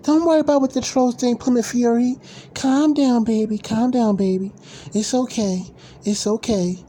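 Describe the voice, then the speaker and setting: A man mimicking doting female fans, using a high sing-song coddling voice. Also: steady tone, normal speed, warm tone, slight background noise. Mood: cooing. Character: mocking cooing female fans, motherly.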